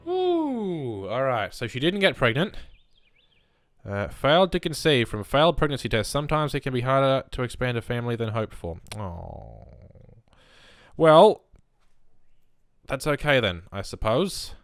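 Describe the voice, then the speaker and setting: A man's voice: medium pitch, expressive, normal speed, long pauses, a bit bright, smooth, no echo, clean studio sound. Chatty man narrating gameplay. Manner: chatty, mutters reactions to the game. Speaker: let's play host. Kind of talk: gameplay commentary.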